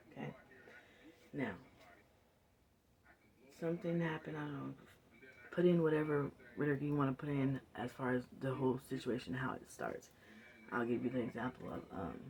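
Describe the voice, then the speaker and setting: Man, gravelly, casual profane talker, slips into quoted voices. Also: medium pitch, a little mellow. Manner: profane, rambling, acts out quotes. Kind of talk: casual monologue.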